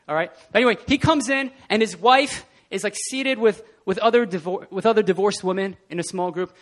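A man preaching a casual, animated sermon in a church, often laughing and acting out scenes. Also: high voice, fairly quick. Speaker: pastor. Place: church hall.

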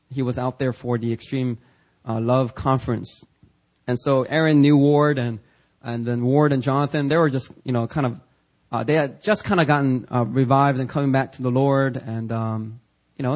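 A man's voice: medium pitch, darkish tone. A pastor preaching a sermon in a chatty storytelling way, with many fillers, often laughing at his own story. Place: church.

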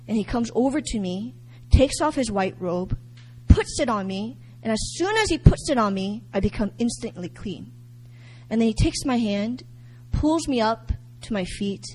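A young adult woman sharing a personal faith testimony, candid and animated, often laughing as she tells it. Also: fairly high pitch, low-quality recording.

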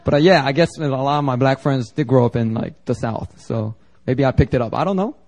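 A pastor from Philadelphia preaching a sermon to a congregation, emphatic and conversational, with slangy asides. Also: male voice, medium pitch, brisk, darkish tone. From Philadelphia, United States. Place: church service before a congregation.

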